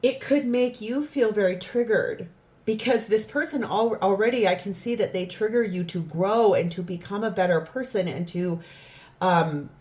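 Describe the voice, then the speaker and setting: A woman's voice: mid-range voice, a little mellow. A woman giving a spoken tarot reading, earnest and rambling, sometimes acting out what people say. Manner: earnest, rambling, acts out quoted lines. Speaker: tarot reader.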